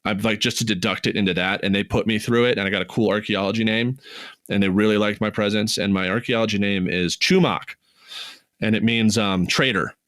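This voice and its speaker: Man, low voice, casual podcast storyteller, swears a lot, shoots up in pitch when excited, dry close mic. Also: a little fast, no room sound. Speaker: podcast co-host.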